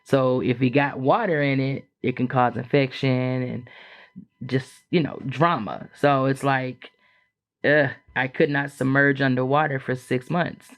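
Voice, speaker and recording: A woman guest on a podcast telling a personal story in a frank, chatty way, acting out what others said with big leaps in her voice. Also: a little slow. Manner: animated, acts out quoted voices with big jumps in pitch; frank and chatty, with frequent fillers.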